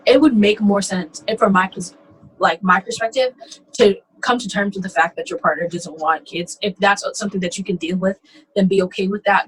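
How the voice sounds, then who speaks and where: Brief: young woman podcast co-host, slightly raspy, opinionated, mid pitch. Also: poor audio. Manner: blunt, opinionated, acts out other people's lines. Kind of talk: casual reality-TV recap chat.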